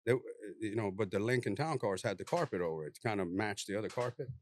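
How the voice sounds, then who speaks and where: A police officer telling a story in casual conversation, laid-back and drawling, lively as he acts out the people in it. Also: lowish voice, quick pace, a little hiss or hum. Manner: animated, acts out the people he quotes in a raised voice.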